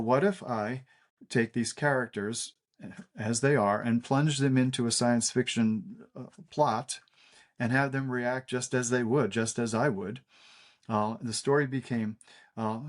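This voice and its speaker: With a mid-range voice, an older man tells stories as a guest cartoonist in a casual interview setting. He speaks haltingly, restarting often and filling gaps with fillers.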